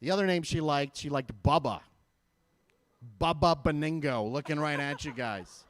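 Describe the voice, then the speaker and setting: A man's voice: fairly high pitch, normal speed, a bit bright, no echo. A young man from Michigan doing a stand-up comedy set, joking and laughing at his own lines.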